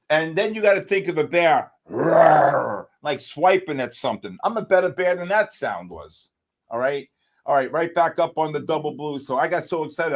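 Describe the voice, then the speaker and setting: Excitable man hosting a live trading stream. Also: on the high side. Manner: animated, exclamatory, talks to chat by name. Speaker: livestream trading host. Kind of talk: excited live market commentary.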